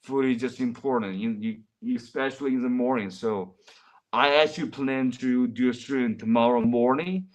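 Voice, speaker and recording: A man's voice: medium pitch, normal speed. Rambling man chatting on a livestream. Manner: rambling, loose, calls viewers bro. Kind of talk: casual livestream chat.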